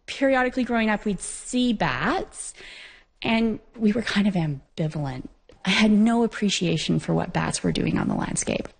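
A woman's voice: mid-range voice, normal speed, gravelly, slightly rough. A woman rancher talking casually and earnestly in an outdoor interview on her ranch. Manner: earnest, heartfelt, conversational with fillers.

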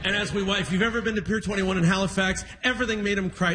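A male stand-up comedian with a high, bright, ringing voice tells a story on a music hall stage. He is animated, acting out the people in his story as he goes. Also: fast, hardly any pauses, a little hiss or hum. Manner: animated storyteller, acts out quotes.

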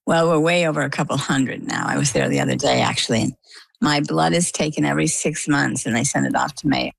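An older woman from Maine, a guest telling her own story in a chatty, lively way. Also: low-pitched, a little fast, creaky, slightly rough, no room sound. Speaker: interview guest. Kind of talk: casual storytelling.

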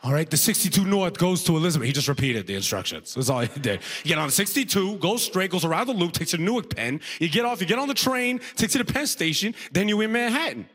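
A man's voice: high-pitched, very animated, fairly bright tone, long reverb tail, heavily acted. A man playing a confident, talkative male airport officer who rattles off bus directions. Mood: insistent. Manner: brisk, rapid-fire directions.

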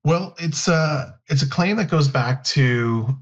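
Halting male guest on a dull line. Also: fairly high pitch. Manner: halting, explanatory. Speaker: guest expert. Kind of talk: radio interview.

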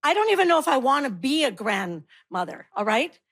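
A woman's voice: high voice, very animated, brisk, a bit bright. A woman, doing a wry, self-mocking stand-up comedy set. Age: 60s. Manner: wry, self-mocking, punchy delivery with put-on voices.

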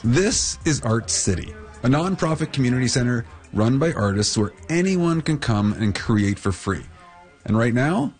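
A man's voice: mid-range voice, lively intonation, moderate pace, a little mellow, faint music behind. A man co-hosting a radio show, telling an upbeat, playful on-location story. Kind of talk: feature reporting on location.

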